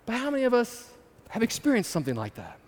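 A man's voice: extremely high pitch, wildly swooping pitch, quick pace, darkish tone, long reverb tail. A man telling a personal story in a casual, conversational way, turning to the audience with asides. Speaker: speaker addressing an audience. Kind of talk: storytelling sermon.

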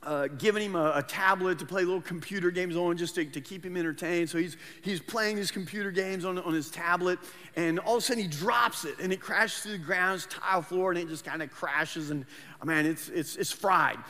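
A man's voice: high voice, fairly quick, bright, forceful tone. A man preaching a sermon as pastor, earnest, often repeating words as he restarts his phrases. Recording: long hall reverb.

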